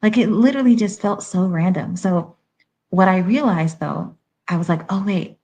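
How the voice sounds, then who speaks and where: A woman's voice: lowish voice, moderate pace, a little mellow. A woman from Haiti hosting a live stream. She gives blunt, sassy commentary and fires off rhetorical questions. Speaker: livestream commentator.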